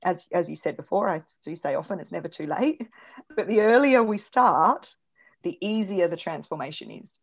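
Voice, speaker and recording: A woman's voice: on the low side, animated, moderate pace, creaky, husky. A woman speaking as a parenting specialist guest in a podcast interview, thoughtful and full of restarts. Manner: thoughtful, many restarts and fillers. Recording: dull lo-fi recording.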